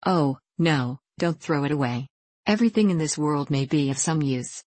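A woman reading the part of a kind, patient old woodcarver who lectures gently. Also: low voice, lively intonation, moderate pace, dry recording. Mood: lecturing. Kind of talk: audiobook character voice.

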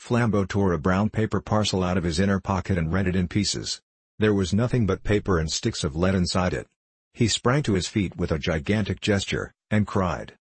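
A man narrating a story in steady, measured audiobook style. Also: low voice, slightly rough, no echo. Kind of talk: scripted narration.

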